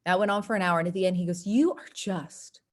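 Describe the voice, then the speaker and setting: A woman from North Texas, presenting an online workshop and acting out quotes in lively voices. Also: very fast. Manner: animated, acts out quoted voices with big pitch jumps.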